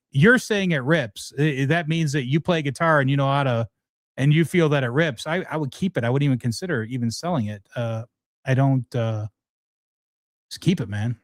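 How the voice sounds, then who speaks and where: A man's voice: on the high side, brisk, no room sound. Rambling, frank guitar-stream man. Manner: rambling, frank, restarts often, says man a lot. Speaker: guitar livestream host. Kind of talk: casual livestream chat answering viewers.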